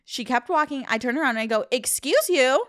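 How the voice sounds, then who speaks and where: A young woman co-hosting a comedy podcast, telling a story with indignant, animated energy, swearing and laughing as she goes. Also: sits high, fairly quick, no room sound, studio quality. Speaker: podcast co-host. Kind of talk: casual comedic chat.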